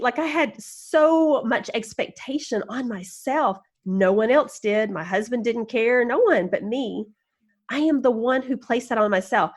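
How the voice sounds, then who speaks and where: Woman podcast guest, higher voice, lively self-mocking storyteller, encouraging and upbeat. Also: a little slow. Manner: animated, self-mocking, laughs while telling stories. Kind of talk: casual storytelling interview.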